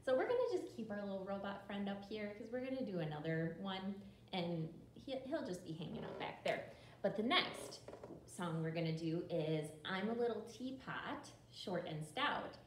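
A young woman librarian leading a children's storytime, talking slowly and encouragingly to kids at home. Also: mid-range voice, animated, background noise. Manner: slow, bright and encouraging, talks to children at home. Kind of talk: children's storytime with action songs. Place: library room. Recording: roomy echo from a distant camera.

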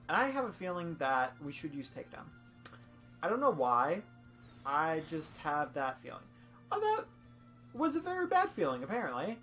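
Faint game music plays under this young female streamer's goofy, rambling let's-play talk, which she fills with laughter. Her voice is deep yet fairly bright.

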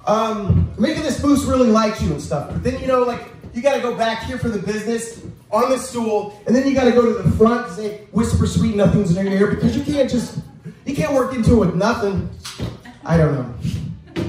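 A man rambles through a crude stand-up bit on a small bar stage, stumbling over restarts. His voice sits high. The mic catches him from a distance in a very echoey room with a faint noise behind. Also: expressive, moderate pace, darkish tone. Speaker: open mic comedian. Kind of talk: stand-up set. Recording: echoey room heard from far off.

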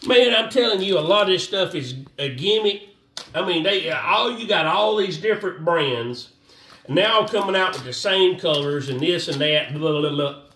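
A man's voice: high voice, expressive, normal speed, fairly bright tone, echoey room, recorded from a distance, slight background noise. A man giving a casual, rambling fishing how-to, repeating himself in a folksy way. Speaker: fishing vlogger.

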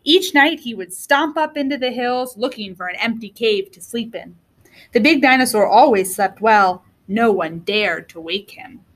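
A woman teacher reading a storybook aloud to young children in an expressive, animated way. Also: on the high side, moderate pace. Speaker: kindergarten teacher.

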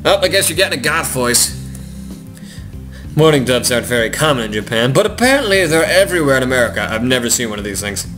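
A man's voice: medium pitch, sing-song, fast talker, fairly bright tone. Sarcastic, profane man commenting on a game. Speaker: gaming commentator. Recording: game music behind.

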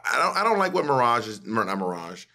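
A man's voice: mid-range voice, very animated, fast, vocal fry, bright, forceful tone. A man hosting a podcast in casual chat, gossiping animatedly and swearing freely. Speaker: podcast host.

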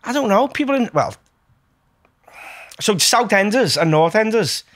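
Scouse male comedian guest, chatty with half-finished sentences, pitch a touch high. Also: sing-song, unhurried, a bit bright. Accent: Liverpool Scouse. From Liverpool, England. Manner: chatty, trailing off mid-sentence. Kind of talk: casual chat.

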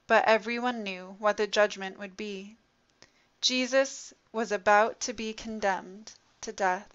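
A woman narrating a story in an expressive, dramatic reading style. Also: mid-range voice, a little slow, clean tone. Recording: dull lo-fi recording.

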